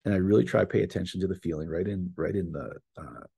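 A man giving an informal, earnest faith talk, speaking directly to his listeners with quick repetitions and restarts. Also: sits low, gravelly, warm tone, husky. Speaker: Christian teacher.

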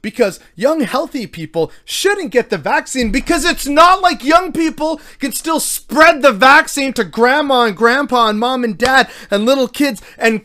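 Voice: sits high, a bit bright. Angry, profane commentator. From Canada. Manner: angry, sarcastic, heavily profane. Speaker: news commentator. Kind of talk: ranting news commentary.

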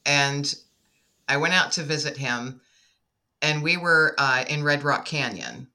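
A woman guest chatting on a podcast, her voice strikingly bright and edged. She is a lively storyteller who acts out every exchange she recounts. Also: low voice, measured pace. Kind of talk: casual conversation.

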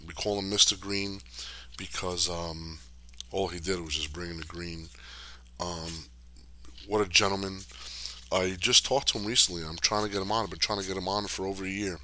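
A middle-aged man hosts a podcast in a low, bright, forceful voice with a steady tone and moderate pace, with slight background noise. He rambles casually and reads viewer questions, answering in a loose, streetwise way full of fillers and cursing.

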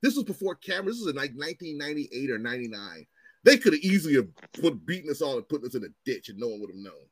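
A man in his forties telling stories in casual chat as host, animated and profane, acting out what others said. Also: fairly high pitch, racing, breathy edge, dry recording. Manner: animated, profane, acts out quotes in raised voices.

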